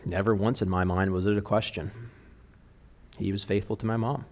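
A middle-aged man preaches an earnest sermon to fathers at normal speed, his voice on the low side with a steady, darkish tone. He speaks with emphatic conviction and quotes song lyrics.

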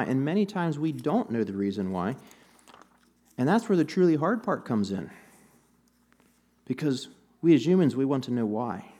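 A man's voice: on the high side, darkish tone. A man preaching a sermon in a conversational, storytelling way, with bits of humor, to a church audience. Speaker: pastor.

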